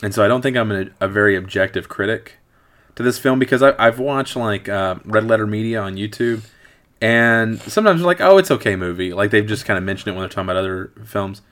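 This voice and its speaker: A middle-aged man with a very deep, low voice talks casually through a movie review. He rambles and restarts, repeating words as he gathers his thoughts. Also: brisk, a bit bright. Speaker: podcast host.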